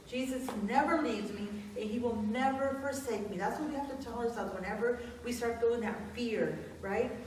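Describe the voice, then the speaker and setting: A woman's voice: on the high side, slight background noise. Woman preaching in an echoey sanctuary. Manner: conversational, personal storytelling. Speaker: pastor. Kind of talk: informal sermon. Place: church sanctuary. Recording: echoey room, distant mic.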